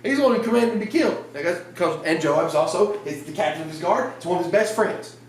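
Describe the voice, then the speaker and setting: A man's voice: sits high, quick pace, slight background noise. Male preacher, casual storytelling sermon; slightly raised voice, picked up from a distance in a reverberant sanctuary. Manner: lively storytelling, laughs at the story, acts out lines. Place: church sanctuary. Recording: roomy church sound from a distant mic.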